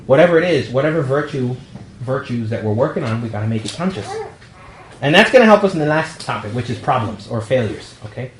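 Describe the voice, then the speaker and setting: Joking priest in an echoey room. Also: male voice, medium pitch, lively intonation, quick pace. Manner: conversational and humorous, acts out quoted dialogue. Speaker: priest leading a young adult ministry meeting. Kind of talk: casual talk to a young adult group. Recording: echoey room with faint background noise.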